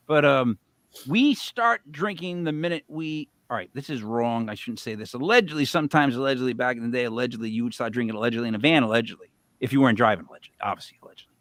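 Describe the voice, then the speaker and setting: A middle-aged co-host on a live show tells a long, rambling story in an animated way, lurching from loud bursts to mutters. His voice is medium in pitch and fast, and the recording is dry.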